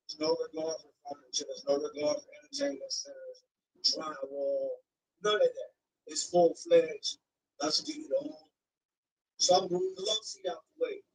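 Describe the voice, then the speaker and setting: A man's voice: a little high, far from the mic, rough recording. A man telling a personal story on a stream, casual and slangy, acting out what people said. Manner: animated, slangy, acts out quoted lines.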